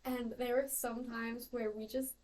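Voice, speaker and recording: A woman's voice: a little high, level tone, a little slow, darkish tone, low-quality recording. A young woman in casual podcast chat, easygoing and telling stories plainly with small fillers. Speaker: podcast co-host.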